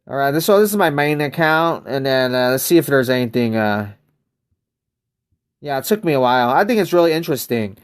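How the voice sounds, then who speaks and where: A man's voice: medium pitch, animated, a little fast, clear, resonant tone. Chatty American man streaming a game. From United States. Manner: chatty, greets viewers by name, loose rambling asides. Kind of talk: casual live-stream chat.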